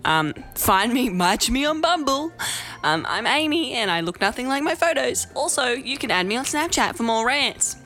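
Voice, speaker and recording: A woman's voice: on the high side, sing-song, moderate pace, a bit bright, faint music behind. A woman, a bit drunk and rambling in a chatty, self-deprecating way as she hosts a casual vlog. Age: 20s. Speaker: vlog host. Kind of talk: casual tipsy rant to camera.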